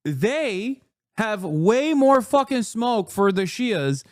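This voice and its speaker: A man's voice: high voice, big pitch swings, slow pace, no echo, studio quality. A man hosting a live stream, reacting to clips with heated, profane ranting. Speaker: streamer host.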